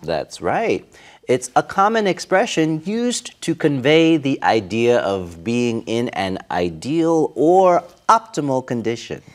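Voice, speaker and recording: A presenter reading a scripted vocabulary segment in a slow, sing-song delivery. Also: mid-range voice, big pitch swings.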